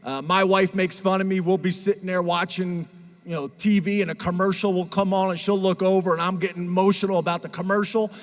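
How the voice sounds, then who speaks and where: Emotional football coach guy at a press conference, highish voice, big echoey hall. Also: steady tone, brisk, faint music behind. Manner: emotional, earnest. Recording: reverberant hall sound.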